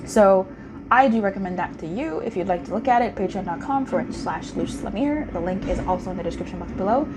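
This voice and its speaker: A woman talks through a casual pick-a-card tarot reading in a chatty, intimate way. She croons sing-song calls to the viewer and slows right down to stretch words when she makes a point. A faint hiss sits under her voice. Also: mid-range voice, lively intonation.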